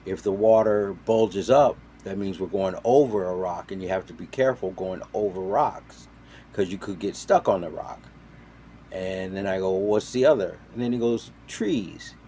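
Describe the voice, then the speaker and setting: A man casually telling a story, animated, jumping between loud quoted voices and quiet asides. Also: low voice, normal speed, a little hiss or hum. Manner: animated, acts out quoted voices with sudden loud and soft swings. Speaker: storyteller on a talk show.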